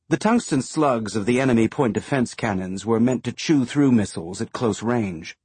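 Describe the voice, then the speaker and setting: A man narrating a science-fiction audiobook in a measured, even storytelling manner. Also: on the low side, breathy edge, no echo.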